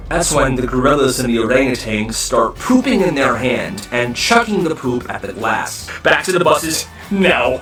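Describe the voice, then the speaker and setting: A man narrating wild school stories in an animated, exclaiming storytime style. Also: medium pitch. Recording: roomy distant voice over faint music.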